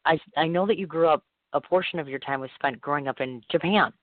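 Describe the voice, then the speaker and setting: A hoarse man with a cold hosts a talk-radio interview, chatty and eager. His voice sits a little high. It comes through a thin, phone-like line with no room sound at all. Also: fast talker, no echo. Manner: chatty and excitable. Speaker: radio show host. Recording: tinny dry phone line.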